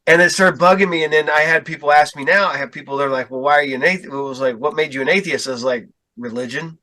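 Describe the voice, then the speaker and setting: A man telling a story in casual podcast chat, acting out quotes with big jumps in pitch. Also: quick pace, pushed and bright. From Ohio. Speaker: podcast guest.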